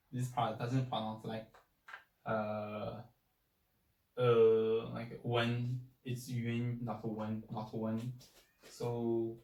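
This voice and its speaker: A man teaches pinyin at a very slow, careful pace, patiently repeating each syllable several times. He sits some distance from the mic in a roomy, echoing space. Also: mid-range voice, a little mellow. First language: Chinese. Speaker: Chinese language teacher. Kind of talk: slow spoken language lesson.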